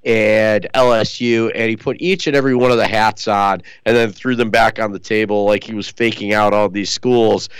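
A man's voice: lowish voice, fairly even intonation, moderate pace, few pauses, clear, resonant tone, dry recording, poor audio. A man co-hosting a sports talk radio show, chatting casually and rambling with lots of fillers. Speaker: co-host.

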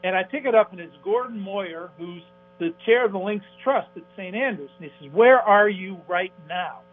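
A man calling in as a radio guest, telling a rambling golf anecdote with halting restarts and acting out the people in it. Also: sits high, expressive. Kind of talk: phone-in radio interview, anecdotal storytelling. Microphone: phone. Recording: tinny phone line with faint music.

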